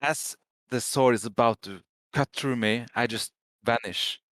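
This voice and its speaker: A man playing a tabletop game who speaks calmly and with command as his character. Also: mid-range voice, measured pace, no echo, studio quality. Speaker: player. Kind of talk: in-character tabletop role-play.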